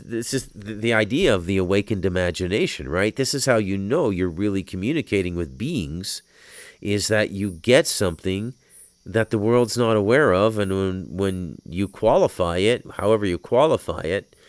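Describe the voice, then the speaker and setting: A man's voice: on the low side, no room sound, clean studio sound. A man hosting a podcast, delivering a rambling spiritual monologue from an outdoor patio, heavy with swearing and flaring into heated outbursts. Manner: profane, rambling, swings into heated shouting. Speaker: podcast host.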